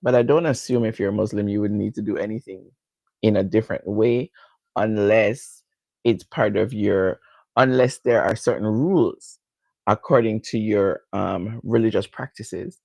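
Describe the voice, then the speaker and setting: Chatty Jamaican woman, gravelly voice. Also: extremely low pitch, normal speed, a little mellow, no room sound. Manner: chatty, laughs often, answers viewers directly. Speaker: hair care vlogger. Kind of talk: casual live chat with viewers.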